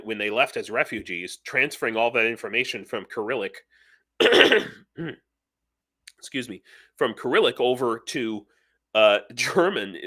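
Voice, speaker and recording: This is a middle-aged live-stream host with a mid-range voice. He chats in an animated, loose way, wandering off track and restarting often amid lots of filler words.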